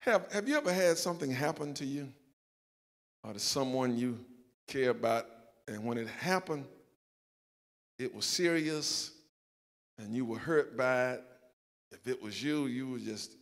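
Gravelly older Southern pastor in a reverberant church. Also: male voice, mid-range voice, a little slow, long pauses. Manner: animated, self-mocking storytelling with acted-out quotes. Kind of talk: storytelling sermon. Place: church sanctuary.

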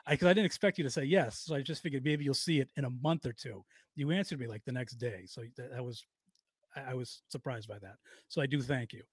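A man with a Boston accent hosting a podcast over a video call, telling a rambling, excitable story. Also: mid-range voice, quick pace, husky, no echo. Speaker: podcast host. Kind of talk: casual interview chat.

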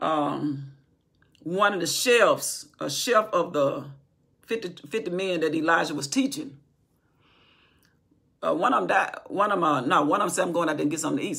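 A woman's voice: low voice, gravelly, fairly bright tone, slightly rough. A woman telling a Bible story from memory in an informal teaching style, acting out what the people in it say. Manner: retells from memory, acting out quoted speech.

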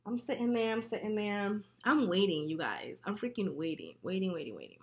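A woman vlogger chatting casually while doing her makeup, telling a story in an animated, profane way with frequent laughter. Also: mid-range voice, a little fast. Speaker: beauty vlogger.

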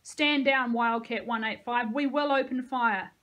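A male control tower officer barking orders over the headset , as a woman reading a story puts him on. He is loud and sharp, and the voice pitches slightly higher. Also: fairly even intonation, measured pace, highs cut off. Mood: commanding.

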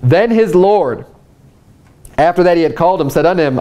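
A man's voice: on the high side, animated, moderate pace, long pauses, dark tone. A man pastor giving a sermon, reading scripture aloud and retelling it in casual everyday speech. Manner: conversational preaching, paraphrasing scripture in everyday speech; reads scripture aloud in archaic wording.

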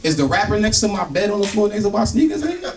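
A middle-aged man doing a stand-up comedy set on a club stage, loud and profane, acting out scenes from home. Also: high voice, fast, recorded from a distance, slight background noise. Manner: loud, animated, profane, acts out family bits.

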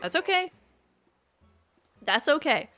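A woman streamer chatting excitedly with her viewers during a live game stream, laughing often. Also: sits high, takes it slowly, faint music behind.

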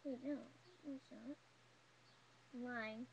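A young woman talks through her makeup haul in a chatty, gushing way, her voice pitched a little above the usual. Faint background hiss sits under the recording. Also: steady tone, takes it slowly, low-quality recording. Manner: gushing, chatty, full of "like" and "oh my god". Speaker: beauty vlogger. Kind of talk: casual haul video chat.

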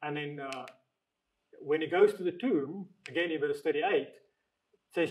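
A man leading a group Bible discussion in a conversational way, reading scripture aloud slowly and asking the group questions. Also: fairly high pitch, rough recording. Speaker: Bible study leader.

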